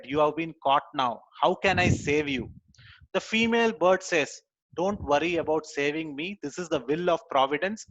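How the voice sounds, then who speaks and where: Male spiritual lecturer, a touch high-pitched, storytelling with light humor on a webinar mic. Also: rough recording. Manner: gently humorous, retells dialogue in quotes. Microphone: webinar computer mic.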